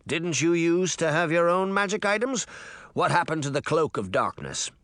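A man's voice: a little high, expressive, normal speed, fairly bright tone, no echo, pitched above the performer's own voice. A man voicing a careless, self-assured rogue in an audiobook, sounding brash and impatient. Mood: needling. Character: cocky, careless roguish man. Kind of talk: audiobook character voice.

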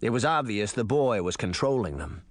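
A man reading a storybook aloud with an expressive delivery. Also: on the low side, moderate pace, dry recording. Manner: animated, expressive. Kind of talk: storybook narration.

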